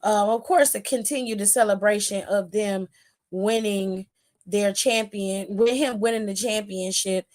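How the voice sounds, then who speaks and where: A young adult woman hosting a wrestling aftershow, talking straight to her viewers in animated, casual commentary with some swearing. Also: medium pitch, a little slow. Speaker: wrestling show host.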